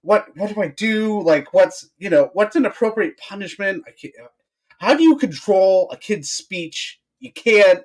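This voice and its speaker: Man, 30s, podcast co-host, lively pitch, rambling casual chat. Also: a little slow. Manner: laughing, rambling parent anecdotes.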